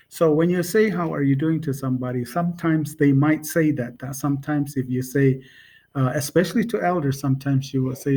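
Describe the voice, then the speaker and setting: A man teaching a language in a casual spoken lesson, unhurried and hesitant, with many pauses and fillers. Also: fairly high pitch, darkish tone.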